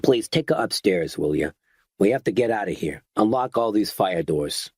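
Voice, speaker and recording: A man voicing a blunt, cynical man who bellows orders and talks gruffly. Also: fairly low pitch, lively intonation, moderate pace, darkish tone, dry recording, clean studio sound. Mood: stern. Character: blunt, cynical middle-aged man taking charge.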